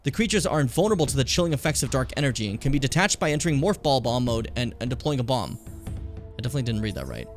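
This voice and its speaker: A man's voice: mid-range voice, very animated, racing, soft background music. A tired man in his late twenties, streaming a game casually, swearing freely and stumbling as he reads on-screen text aloud. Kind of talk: casual gameplay commentary.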